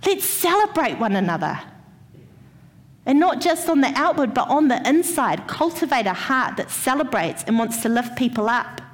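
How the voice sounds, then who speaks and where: A woman's voice: sits high, big pitch swings, moderate pace, long reverb tail. A woman gives a church sermon, telling a personal story and speaking straight to the congregation. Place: church hall.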